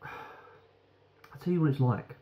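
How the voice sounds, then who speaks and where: A man's voice: mid-range voice, animated, slow, muffled recording. A British man giving a frank, rambling beer review that swears casually.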